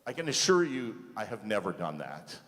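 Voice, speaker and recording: A man teaching a congregation in a relaxed, conversational way, often checking in with "okay?" and "right?" and asking the audience questions. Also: on the low side, moderate pace. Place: large sanctuary. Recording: reverberant hall.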